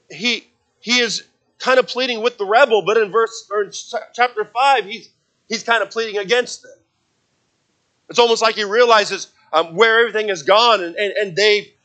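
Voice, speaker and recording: Man, preacher, high voice, expository sermon, earnest, stumbles and restarts, emphatic scripture quotes. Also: pushed and bright. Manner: earnest, repeats words when restarting, rises to emphatic peaks when quoting scripture.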